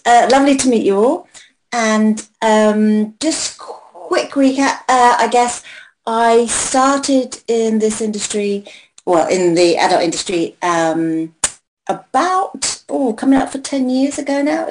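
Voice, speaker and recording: A woman's voice: a little high, slow, a little hiss or hum, low-quality recording. English woman on a late-night video call. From England. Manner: relaxed, late-night and a bit tired. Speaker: guest. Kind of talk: casual video call chat.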